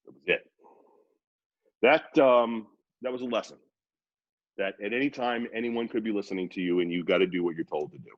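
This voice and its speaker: A man in his fifties from Worcester, Massachusetts, a radio personality telling rambling, animated anecdotes in a casual interview. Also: fairly low pitch, fairly quick, pauses often, no echo, dull audio. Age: 50s.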